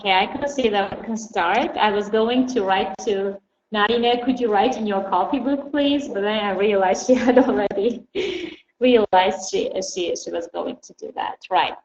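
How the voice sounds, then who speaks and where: A woman whose first language is Armenian, teaching an online English class and patiently repeating model phrases slowly. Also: medium pitch, a little mellow. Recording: roomy, dull lo-fi audio with faint hiss.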